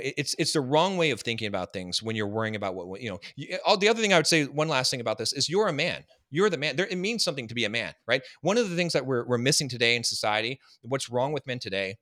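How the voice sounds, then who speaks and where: Brief: forceful male podcast guest, preachy and emphatic, bright edge, dry close sound. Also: mid-range voice, no room sound. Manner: emphatic, preachy, many repeated words. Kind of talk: podcast interview answer.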